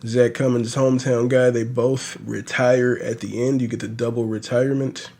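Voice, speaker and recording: A man hosting a podcast, recapping fights in a casual, animated and profane ramble full of fillers. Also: mid-range voice, moderate pace. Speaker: podcast host. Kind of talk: casual solo sports recap.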